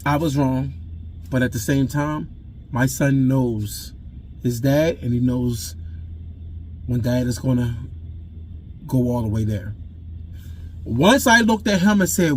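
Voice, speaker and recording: A father telling his own story in an intense, raw way, repeating himself and swinging between loud outbursts and hushed admissions. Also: medium pitch, takes it slowly, pauses often, breathy edge. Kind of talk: emotional personal storytelling to camera.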